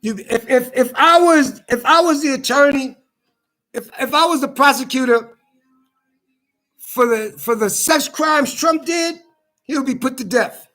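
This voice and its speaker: High-pitched man ranting heatedly. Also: unhurried, fairly bright tone, soft background music. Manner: profane, heated, stumbling restarts. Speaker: social media commentator. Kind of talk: ranting monologue.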